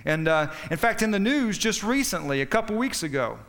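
A man's voice: sits high, big pitch swings, brisk, fairly bright tone, long reverb tail. A man preaching a sermon in a folksy, storytelling way, often stopping to restart his sentences. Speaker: pastor.

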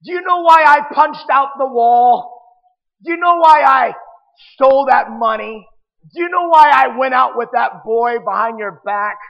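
A man voicing an angry, prideful man who rants loudly to justify himself. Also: very high voice, a little slow, vocal fry, in a large hall, lo-fi sound, full character voice. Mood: defiant. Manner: loud, heated ranting.

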